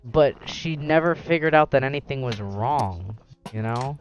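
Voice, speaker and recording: A young man, host of a gaming channel, chatting casually while playing, rambling with animated acted-out quotes. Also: mid-range voice, a little slow, highs cut off, soft background music.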